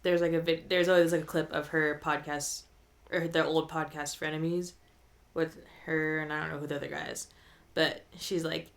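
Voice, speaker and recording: A woman's voice: deep voice, level tone, moderate pace. A young woman with a Californian Valley Girl accent co-hosting a podcast, chatting casually with lots of "like" and frequent laughs. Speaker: podcast co-host. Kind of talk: casual chat.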